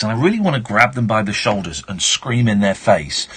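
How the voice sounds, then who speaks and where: A man's voice: lowish voice, lively intonation, normal speed, hardly any pauses, bright, forceful tone, breathy edge. A man hosting a late-night radio show, reading a book aloud on air and breaking off for playful asides. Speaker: radio host. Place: radio studio. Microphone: studio microphone.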